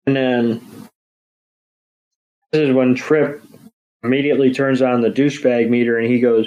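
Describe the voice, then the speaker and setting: A man's voice: mid-range voice, steady tone, moderate pace, long pauses, darkish tone, rough recording. A man co-hosting a podcast, recapping a cartoon episode with sarcastic wisecracks. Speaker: podcast co-host. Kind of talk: casual episode recap chat.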